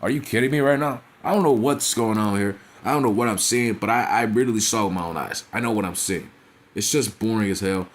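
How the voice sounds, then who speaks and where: Man, lower register, casual ranting reviewer, blunt and foul-mouthed, heavy slang. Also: fast talker. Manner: blunt, profane, slangy, with frequent "you feel me" asides. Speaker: wrestling reviewer.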